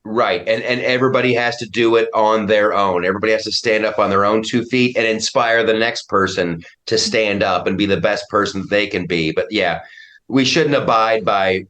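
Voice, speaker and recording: A man's voice: lowish voice, moderate pace, a bit bright. A middle-aged American man, a comedian guest, talking in a casual podcast chat, emphatic and opinionated, often restarting his sentences. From United States.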